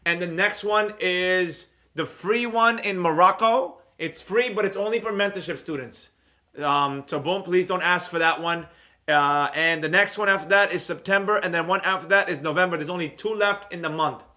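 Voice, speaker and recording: A man hosting his own live stream on trading, chatting loosely and answering viewer comments in a rambling, energetic way. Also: high-pitched, moderate pace. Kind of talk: casual live-stream chat reading comments.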